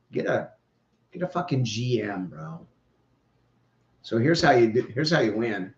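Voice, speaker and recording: A man's voice: mid-range voice, expressive, normal speed. Male podcast host, casual opinionated football rant, dull lo-fi echoey room sound. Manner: opinionated, rambling, joking. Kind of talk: casual sports commentary.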